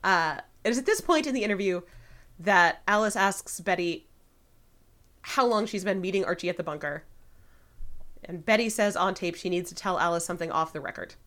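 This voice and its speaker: A woman's voice: lowish voice, expressive, moderate pace, fairly bright tone. A woman casually recapping a TV episode for her podcast co-hosts. Her tone is playful and joking. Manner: playful, reads lines in mock voices. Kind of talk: casual chat.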